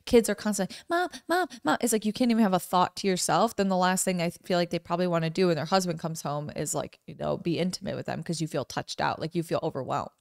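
Smooth-voiced young woman chatting. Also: lowish voice, quick pace, hardly any pauses, no echo, clean studio sound. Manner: rambling, many "like" fillers. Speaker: podcast co-host. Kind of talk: casual couple podcast chat.

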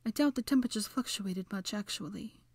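A fretful young witch who can't help lecturing, put on by a woman reading a story aloud. Her voice is pitched up from the reader's own and sounds dry and close. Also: a little fast, a little mellow, slightly rough, no echo. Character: anxious know-it-all young witch. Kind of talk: audiobook character voice.

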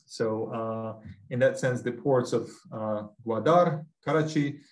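A man's voice: lowish voice, little pitch movement, takes it slowly, darkish tone, low-quality recording. A man with a Russian accent answering an audience question in an academic talk, hesitant, with many fillers and restarts. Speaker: guest speaker.

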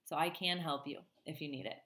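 A woman's voice: deep voice, fairly quick, roomy sound. A woman teacher reading a children's novel aloud to her class and chatting to them, with a chatty manner and frequent ums. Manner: warm, chatty, many ums.

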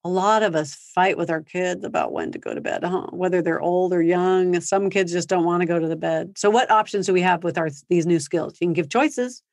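A woman's voice: lowish voice, lively intonation, a little fast, vocal fry, few pauses, darkish tone, no room sound. A woman presenting a parenting seminar over a video call, talking conversationally and acting out sample phrases for parents. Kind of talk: live online seminar talk. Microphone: video call microphone.

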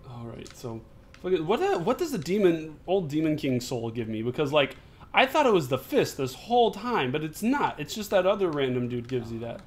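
A man's voice: on the high side, very animated, a little fast. Profane young man retelling a gaming story. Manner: profane, storytelling, loud laughing outbursts. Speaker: gaming co-host. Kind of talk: casual gaming chat.

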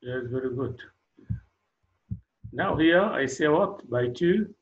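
Slow-spoken male teacher. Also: a little high, expressive, highs cut off. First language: Arabic. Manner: slow, encouraging, repeats praise, non-native English phrasing. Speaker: math teacher. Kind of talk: classroom math lesson.

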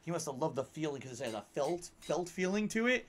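A man hosting his own livestream in casual chat, animated and talkative, jumping from loud outbursts to low grumbles. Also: fairly quick. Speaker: livestream host.

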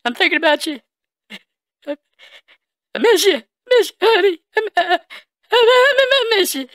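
Brief: man playing a high, bright-voiced bumbling caller, lovesick and slow-witted, dry close sound. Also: dry recording. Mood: pleading. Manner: halting, stammering, full of fillers. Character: dim-witted, heartbroken, rambling male caller. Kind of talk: prank phone call comedy bit.

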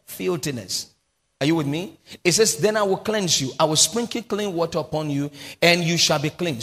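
This Nigerian-accented pastor, a man whose voice sits on the high side with a bit of brightness, preaches in a big church hall that gives a long reverb. Through call-and-response he drills key phrases with the congregation, then breaks into prophetic prayer.

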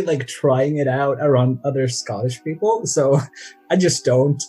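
A man's voice: mid-range voice, unhurried, dark tone, slightly rough. A man, a podcast guest who talks modestly and self-deprecatingly, with nervous laughs. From Sweden. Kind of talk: casual interview chat.

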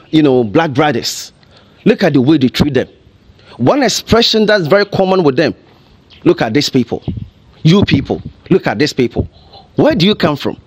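Impassioned Ghanaian man with a lively voice. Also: fairly high pitch. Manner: emotional, full of rhetorical questions. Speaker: TV commentator. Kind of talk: impassioned commentary.

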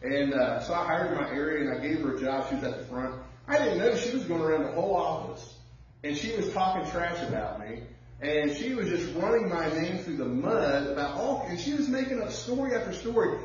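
A pastor preaching a sermon in a conversational way, drawing out words for emphasis and telling personal stories. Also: male voice, on the high side, expressive, brisk, a little hiss or hum. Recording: echoey church heard from far off, dull sound.

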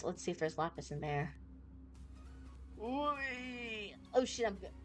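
Bubbly woman VTuber, rambling game commentary, squeals when startled, faint music behind. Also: mid-range voice. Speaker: VTuber streamer. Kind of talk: casual gameplay commentary.

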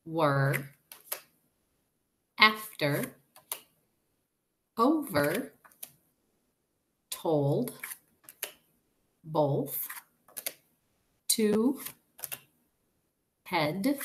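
A woman teacher walks young readers through sight words and punctuation, explaining each step patiently and deliberately. Her voice sits on the lower side, and she speaks very slowly and carefully. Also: animated, a bit bright, a little hiss or hum. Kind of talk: recorded reading lesson.

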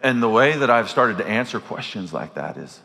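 Bright-voiced preacher in a reverberant church. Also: male voice, on the low side, normal speed, gravelly. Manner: animated storytelling with frequent self-corrections. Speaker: pastor. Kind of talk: sermon. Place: large church sanctuary. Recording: hall reverb from church sanctuary.

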